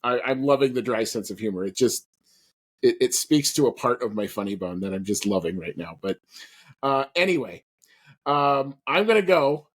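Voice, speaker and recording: A male podcast co-host rambles through a casual chat, full of fillers and restarts. His voice is medium-pitched with lively intonation, at a moderate pace.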